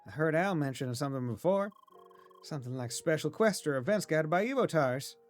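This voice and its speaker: A man's voice: on the high side, lively intonation, fairly quick, faint music behind, lightly acted. A man voicing a cheerful French young woman gamer in an online game, reading her lines in a lifted, upbeat way.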